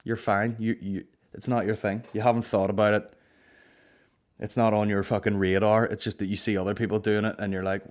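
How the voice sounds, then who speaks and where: Sweary Northern Irish man, low voice. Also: little pitch movement, fairly quick. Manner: swears freely, rambling storytelling with frequent fillers. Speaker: podcast host. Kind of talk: casual solo podcast chat.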